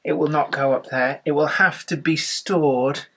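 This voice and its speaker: A woman's voice: deep voice, steady tone, a little slow, breathy edge. A woman chatting eagerly in a casual vlog, explaining the game and her hobby plans. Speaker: co-host and opponent. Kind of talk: casual chat.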